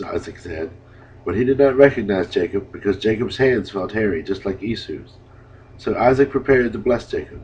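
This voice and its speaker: A man narrating scripture in a steady, measured reading, in a dull lo-fi recording. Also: on the low side, breathy edge. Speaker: Bible reader.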